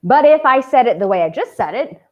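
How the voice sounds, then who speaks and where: A woman's voice: a little high, sing-song, brisk. Passionate, cheeky woman coaching men. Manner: passionate, candid and cheeky, swears casually. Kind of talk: direct-to-camera advice vlog.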